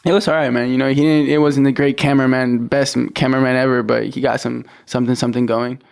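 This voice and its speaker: A man's voice: mid-range voice, quick pace, gravelly, clear, resonant tone. A young man on a podcast, a college athlete who tells his story casually and acts out what he and others said. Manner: relaxed, quotes himself and others in a storytelling way. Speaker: athlete guest.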